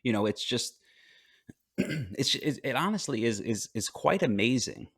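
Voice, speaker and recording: A man working as a life coach, speaking calmly and reflectively as a guest in a podcast interview, with frequent fillers and restarts. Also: medium pitch, a little slow, slightly rough, no room sound, studio quality. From United States.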